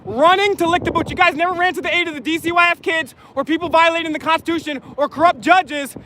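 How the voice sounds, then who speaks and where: Really high bright voice, guy mocking and yelling insults at people, phone cam outside, bit of wind. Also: fast. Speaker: YouTube auditor filming officials. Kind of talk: heckling and taunting. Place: outdoors at a public event. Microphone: handheld phone camera.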